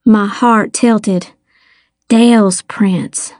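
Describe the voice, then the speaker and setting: Slow, measured woman narrator. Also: on the high side, no echo, studio quality. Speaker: audiobook narrator. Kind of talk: first-person storybook narration.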